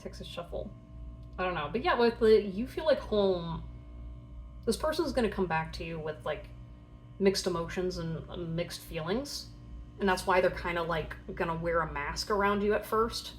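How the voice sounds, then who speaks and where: A woman's voice: lowish voice, moderate pace, slight background noise. A young woman giving a casual tarot reading, chatty and rambling with lots of fillers, often acting out playful voices for imagined people. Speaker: tarot reader.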